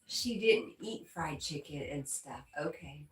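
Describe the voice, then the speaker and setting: A chatty, giggly woman with a lowish voice hosts a casual livestream and talks back to her viewers. She sits some way from the mic, and the room adds a noticeable echo. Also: expressive, slow. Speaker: livestream host reading viewer chat. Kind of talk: casual live chat. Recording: roomy echo, distant from the mic.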